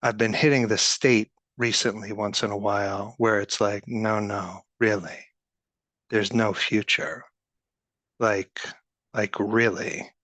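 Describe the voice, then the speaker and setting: Man doing a talkative meditator pal on voicemail, rambling and eager, lowish voice. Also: bright, forceful tone, no echo, exaggerated voice. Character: rambling excited man, longtime meditator friend.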